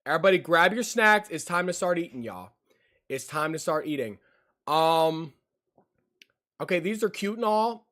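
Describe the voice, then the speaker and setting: A man's voice: on the high side, lively intonation, normal speed, pauses often, fairly bright tone. A young man streaming from his computer at home, giving jumpy reaction commentary, easily startled and given to yelps and shrieks.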